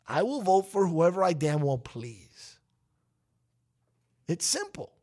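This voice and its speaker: A man's voice: high voice, sing-song, slow, mellow. A man hosting a talk show, delivering an emphatic, preachy opinion monologue that rises to outbursts. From United States.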